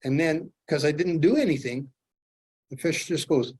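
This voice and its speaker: A middle-aged man from Canada telling lively fishing stories while demonstrating fly tying to a club audience. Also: a little high, moderate pace, breathy edge. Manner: animated storyteller, acts out his own excitement. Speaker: fly tier, presenter.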